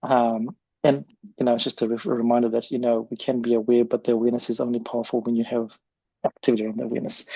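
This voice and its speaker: A man's voice: medium pitch, gravelly, a little mellow, husky, no room sound, lo-fi sound. A man hosting a podcast, chatty and rambling with frequent restarts. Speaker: podcast host. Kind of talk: casual podcast interview.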